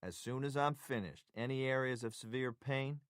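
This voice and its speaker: A man's voice: medium pitch, moderate pace, no echo, studio quality, pitched above the performer's own voice, close to an everyday voice. A man voicing a joking male doctor with a Texas drawl, teasing an old friend. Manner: teasing, wisecracking.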